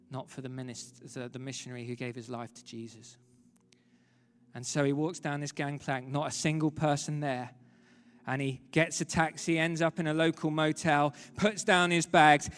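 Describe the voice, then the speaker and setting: A pastor, preaching a sermon in a dramatic storytelling way, swinging from loud to hushed. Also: male voice, sits high. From London, England. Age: 30s. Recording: reverberant hall, faint music.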